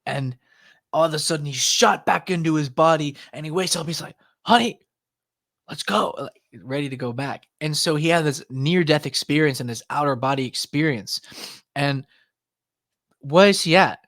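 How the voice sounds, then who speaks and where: Young man telling an animated story. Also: a little high, normal speed, no echo. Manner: animated, acts out voices in quotes, many "like" fillers. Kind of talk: casual podcast storytelling.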